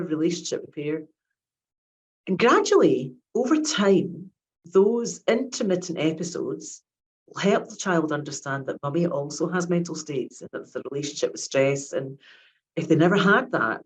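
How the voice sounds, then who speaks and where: A woman's voice: low voice, a little mellow, rough recording. A woman, giving a chatty academic lecture on child psychiatry and often repeating her words.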